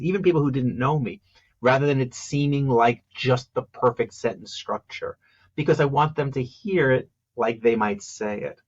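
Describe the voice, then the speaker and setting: A man who works as a public speaking coach, talking in a podcast interview and acting out how stress and pitch change a phrase. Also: normal speed, highs cut off. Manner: animated, demonstrates stress and pitch on example phrases.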